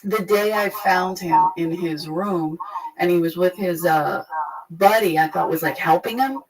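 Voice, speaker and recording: A young adult woman frankly retelling a painful personal story, profane and animated. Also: fairly low pitch, a little slow, crowd noise, poor audio. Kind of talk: candid conversational storytelling.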